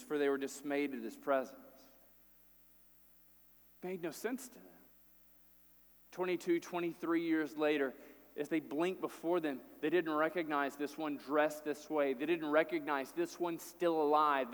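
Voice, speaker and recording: Man, sermon, storytelling with acted quotes, high voice, hall reverb. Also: a bit bright. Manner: retells the story with acted quotes, casual asides. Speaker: preacher.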